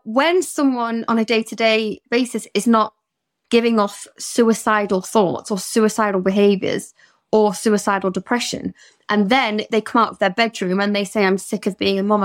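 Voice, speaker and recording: A British woman who works as a therapist talks openly on a podcast. She tells personal stories in a candid, emotional way. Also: medium pitch. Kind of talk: podcast conversation.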